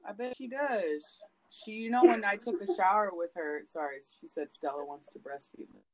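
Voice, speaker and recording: A woman co-hosting a podcast, telling stories in casual chat, swearing a lot and swinging her pitch up and down. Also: moderate pace, poor audio. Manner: profane, animated storytelling with big swings in pitch. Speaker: podcast co-host.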